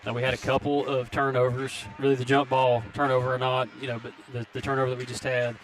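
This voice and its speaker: Fast-talking color commentator. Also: male voice, mid-range voice, level tone. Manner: coaching-style remarks, urges players on. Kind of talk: live basketball color commentary. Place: high school gym, courtside broadcast. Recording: noisy courtside gym recording.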